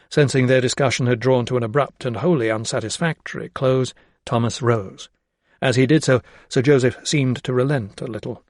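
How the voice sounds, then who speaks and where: A male narrator reading a novel in a measured, even storytelling voice. His pitch sits in an ordinary middle range. The recording is dry and close, with no room sound. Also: dry recording. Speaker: audiobook narrator. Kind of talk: scripted narration.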